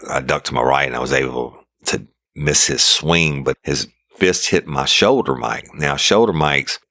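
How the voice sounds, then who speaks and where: A middle-aged man with an extremely low voice that is full of gravelly fry. He tells true-crime stories casually and vividly, and his tone cuts through despite the depth. The recording is close and completely dry. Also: normal speed, sharp tone, no echo. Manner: casual, vivid storytelling, acts out radio calls. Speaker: podcast host and former sheriff's deputy.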